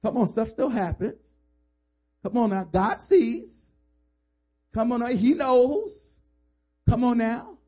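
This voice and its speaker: A male pastor preaching with fervor, his voice pitched high and husky. He swings between shouting and hushed asides. The sound is dull and lo-fi. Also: animated, slow, long pauses. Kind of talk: sermon. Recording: dull lo-fi recording.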